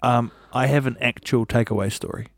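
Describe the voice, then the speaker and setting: A man's voice: medium pitch, steady tone, fairly quick, dry recording, studio quality. A man, co-hosting a podcast and telling a story in a playful, laughing way. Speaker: podcast co-host. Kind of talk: casual storytelling chat.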